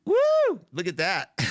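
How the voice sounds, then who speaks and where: A middle-aged man talks straight into a studio mic in a dry, close sound, hosting a live stream. He is chatty and effusive and greets viewers by name. His voice sits at a middle pitch and swings up when he gets excited. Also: no echo. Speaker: astrology show host. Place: indoor room.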